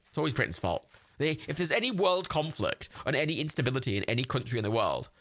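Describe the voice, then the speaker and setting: A man's voice: medium pitch, pushed and bright, no room sound. Rambling young man on a livestream. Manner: rambling, laughing, frequent fillers and restarts. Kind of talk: casual livestream chat while gaming.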